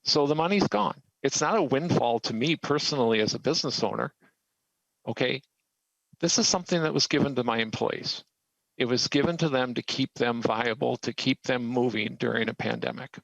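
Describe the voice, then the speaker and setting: A man's voice: mid-range voice, brisk, gravelly, dry recording, muffled recording. A man who owns a small business, giving earnest, emphatic testimony to a legislative committee. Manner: earnest and emphatic, pressing his point. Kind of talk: formal testimony, pleading a case.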